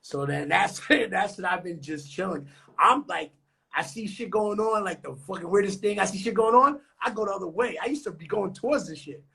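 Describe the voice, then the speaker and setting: A man's voice: high-pitched, animated, brisk, gravelly, sharp tone, husky. A young man from New York talking on a podcast in a loose, slangy, profane way. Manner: slangy, profane, street talk. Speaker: podcast co-host. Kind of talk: casual podcast chat.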